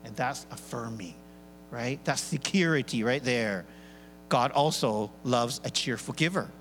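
A middle-aged man preaching a sermon in a church, animated and playful, mimicking his congregation with big swings in voice. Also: medium pitch, unhurried. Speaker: pastor. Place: large church hall. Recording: live church hall reverb, faint hum.

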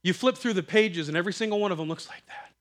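Quick and high-voiced, a middle-aged preacher tells family stories in his sermon. He acts out the voices he quotes, stays animated throughout, and breaks into laughter.

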